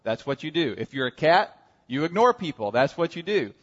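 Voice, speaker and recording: A man's voice: fairly high pitch, sing-song, a little fast, fairly bright tone. An American man preaching a sermon as a pastor, telling humorous stories with frequent asides to his congregation. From United States. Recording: dull, muffled sound with long hall reverb.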